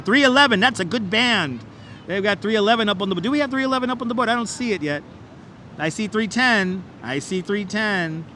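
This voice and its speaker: A man keeps up a chatty, repetitive auctioneer patter while walking a city bridge on a live stream. His voice sits high and sounds bright and forceful. A wireless clip-on mic picks him up outdoors with faint traffic noise behind. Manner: auctioneer-style hyping of like counts; playful, repetitive, chatty with viewers. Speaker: livestream host. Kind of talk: live walking-tour commentary.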